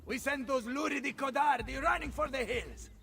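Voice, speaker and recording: A man's voice: very high-pitched, normal speed, vocal fry, music in the background. An actor playing a boisterous middle-aged male mercenary captain, in a video game.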